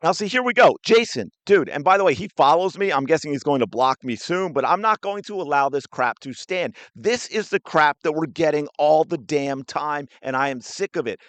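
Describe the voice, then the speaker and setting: A man's voice: a little high, fairly bright tone, dry recording. A man hosting a sports podcast, ranting with indignant, sarcastic commentary while reacting to a clip.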